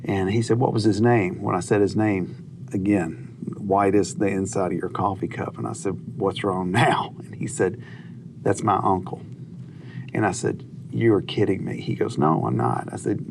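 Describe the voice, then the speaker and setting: Low-voiced minister telling a story. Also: male voice, moderate pace, gravelly, noisy background. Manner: animated anecdote-teller who acts out dialogue. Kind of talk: TV talk show storytelling. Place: TV studio.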